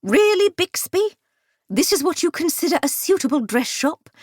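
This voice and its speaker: A woman voicing a haughty fashionable young society lady with a shrill, affected way of talking. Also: big pitch swings, moderate pace, darkish tone, no room sound, clean studio sound. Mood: disdainful.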